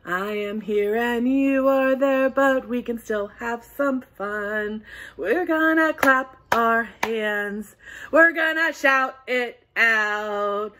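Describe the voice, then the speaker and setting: A woman's voice: on the high side, slow pace, pushed and bright, a little hiss or hum. A woman reading a picture book aloud to toddlers, with lots of gasps and sing-song calls for the children to join in. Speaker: children's storytime reader.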